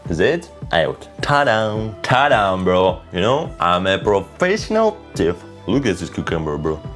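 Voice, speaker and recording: Playful chef with lively, lowish voice. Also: male voice, unhurried, soft background music. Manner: playful, boastful, non-native phrasing. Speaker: cooking vlogger. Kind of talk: casual kitchen demo.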